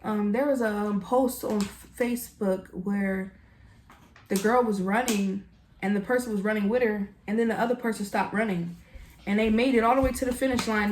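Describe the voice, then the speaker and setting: Speaking in a higher voice, a woman tarot reader gives an earnest, emotional reading addressed directly to the viewer in a casual way. The echoey room carries slight background noise.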